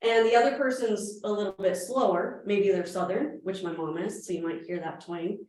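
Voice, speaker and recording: A woman in her thirties giving a lively real estate training talk to a room, asking questions as she goes. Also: medium pitch. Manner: fast-talking, energetic, asks the room questions. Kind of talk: live training presentation. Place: meeting room with audience. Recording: very echoey room, from a distance.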